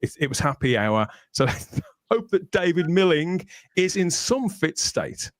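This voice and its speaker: A man's voice: a little high, very animated, measured pace, no room sound, studio quality. A man from Birmingham, England, hosting a casual podcast livestream in a jokey, chatty way, often laughing. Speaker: host.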